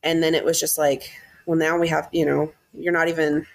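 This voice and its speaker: A woman's voice: low-pitched, flat delivery, a little fast, gravelly. A woman co-hosting a podcast in casual chat, telling stories in a self-deprecating way and laughing at herself. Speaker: podcast co-host.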